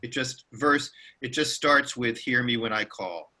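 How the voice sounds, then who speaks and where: A man's voice: medium pitch, sharp tone. A man taking part in an online study group, checking a Bible translation and reading out the spelling. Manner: quick, checking translations aloud.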